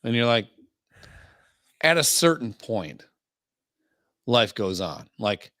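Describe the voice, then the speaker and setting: A man's voice: medium pitch, sing-song, slow, sharp tone, no echo, clean studio sound. A man co-hosting a casual podcast, blunt and crude, giving strong opinions. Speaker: podcast co-host.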